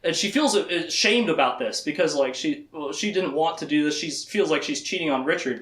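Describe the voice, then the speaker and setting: A man's voice: fairly high pitch, fairly bright tone, reverberant. A man casually recapping a fantasy novel for a podcast, rambling, laughing and quoting the characters. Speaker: podcast host. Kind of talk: casual book discussion.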